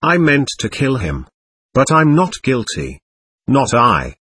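A man's voice: mid-range voice, huge pitch swings, slow pace, fairly bright tone, slightly rough, no room sound, heavily acted. A man voicing a desperate young man accused of murdering his father, crying out in anguish. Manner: anguished pleading outbursts.

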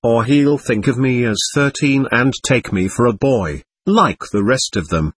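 A man voicing a cocky, mocking thirteen-year-old boy in an audiobook, with a slightly husky voice. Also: mid-range voice, expressive, unhurried, no echo. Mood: musing. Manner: boastful, mocking.

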